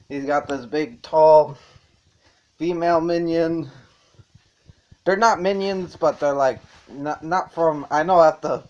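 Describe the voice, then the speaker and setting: A man's voice: fairly high pitch, dull audio. A man reviewing a movie in a casual, rambling way, swearing and chuckling as he goes.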